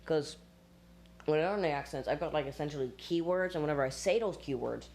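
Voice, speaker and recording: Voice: mid-range voice, fairly quick, darkish tone, a little hiss or hum. A speaker from Australia, talking with an American accent in a casual rambling monologue, self-mocking and full of asides. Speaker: vlogger.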